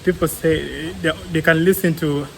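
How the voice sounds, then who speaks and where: A young man with a Ugandan English accent talks through his argument in a fairly high voice, earnest and full of fillers. Faint background noise runs under the recording. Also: steady tone, normal speed, vocal fry, fairly bright tone, low-quality recording. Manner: earnest, argues with everyday examples, many fillers. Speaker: co-host, clinical psychologist. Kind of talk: casual podcast discussion.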